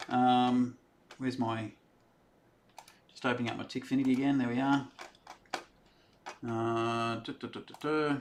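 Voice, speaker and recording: A man's voice: medium pitch, flat delivery, a little slow, pauses often, a little hiss or hum. An Australian man hosting a live stream, casually chatting and answering viewer questions in a rambling, friendly way. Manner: chatty, rambling, reads out comments and answers them.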